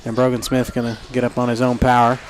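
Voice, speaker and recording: Excitable male play-by-play announcer. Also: medium pitch, very noisy. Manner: excitable, jokey, quickens on big plays. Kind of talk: live basketball commentary. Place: high school gym.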